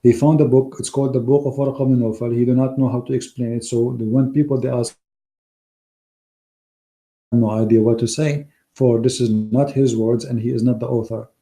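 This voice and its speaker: Hoarse, emphatic man with a dark voice. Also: mid-range voice, steady tone, moderate pace. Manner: emphatic, scornful, non-native grammar. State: hoarse, losing his voice. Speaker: online Christian debater. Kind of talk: polemical talk to a live audience.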